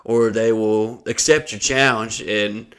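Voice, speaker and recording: A man's voice: lowish voice, slow, clean tone. A man, co-hosting a podcast and telling a rowdy story in casual chat, swearing often and laughing as he goes. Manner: profane, laughing, animated storyteller. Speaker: podcast co-host.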